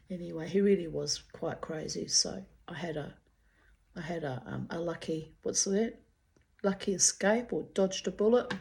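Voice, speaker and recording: A woman's voice: fairly low pitch, a little mellow. An older Australian woman reading aloud from her old diary with candid, chatty asides and frequent swearing.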